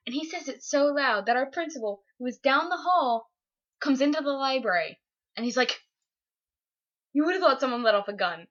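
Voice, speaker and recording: A young woman tells a funny story in a lively, giggly way that keeps breaking into laughter. Her voice is bright and a little high. The recording sounds dull and lo-fi, like a cheap webcam mic. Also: normal speed. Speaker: vlogger. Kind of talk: casual storytelling.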